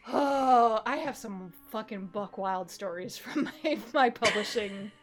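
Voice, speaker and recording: A woman chatting casually on a live stream, telling animated stories, swearing freely and laughing often. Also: a little high, slow, faint music behind. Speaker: streamer co-host.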